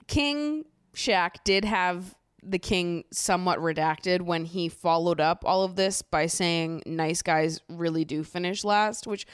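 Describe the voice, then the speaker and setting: A young woman with a fairly low, smooth voice recaps a reality show like she's gossiping with a friend. She's sarcastic and animated, swears freely, and jumps into mocking impressions of the people she's talking about. The sound is close and dry. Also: no echo. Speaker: podcast host.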